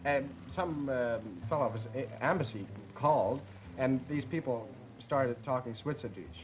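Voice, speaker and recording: A man's voice: mid-range voice, moderate pace, slight background noise, poor audio. Teasing young man, English. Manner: teasing, rebutting, hesitant with fillers. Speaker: exchange student panelist. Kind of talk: 1950s panel discussion.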